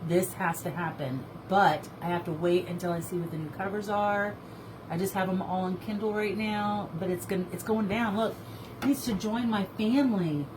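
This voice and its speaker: Woman, book chat co-host, gushing, excitable, noisy recording. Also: medium pitch, normal speed. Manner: gushing, excitable, laughs and trails off. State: feverish. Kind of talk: casual chat.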